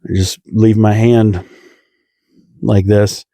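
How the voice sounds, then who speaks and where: A man's voice: on the low side, little pitch movement, slow, warm tone, no room sound, clean studio sound. A man, a comedian hosting his own podcast, telling a rambling comic story and chuckling now and then.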